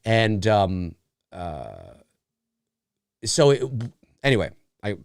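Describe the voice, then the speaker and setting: A Canadian man hosting a live Q&A, talking in an animated, rambling way with casual swearing. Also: fairly low pitch, drawn-out words, creaky, clean tone, no echo, studio quality. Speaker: host. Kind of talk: live Q&A chat.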